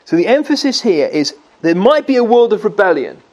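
A high-pitched man delivers a sermon from the pulpit. He works through scripture, stopping to put questions to his listeners. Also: big pitch swings, a little fast, a little mellow. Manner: teaching, asks the congregation questions. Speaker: preacher.

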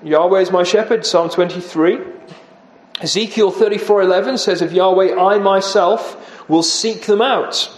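A man's voice: sits high, moderate pace, reverberant, rough recording. A man preaching an earnest expository sermon, often dropping his voice for emphasis.

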